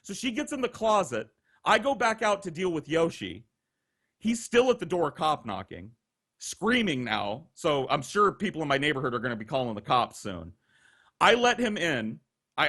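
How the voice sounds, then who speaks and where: Animated, foul-mouthed man telling a story. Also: fairly high pitch, husky. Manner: profane, animated, acts out voices. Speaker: storyteller guest. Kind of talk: casual storytelling.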